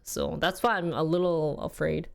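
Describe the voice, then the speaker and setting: A young woman chats on her livestream in a loose, rambling way, laughing often and jumping up high when she quotes her family. Her voice sits a touch low and is starting to wear hoarse from long talking. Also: fairly even intonation, moderate pace. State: losing her voice. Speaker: streamer. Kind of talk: casual livestream chat.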